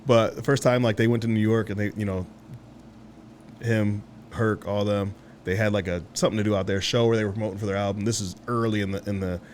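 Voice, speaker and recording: A man co-hosting a podcast in casual chat, an animated storyteller who swears freely and acts out the voices of people he quotes. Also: lowish voice, fast talker, slight background noise. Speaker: podcast co-host.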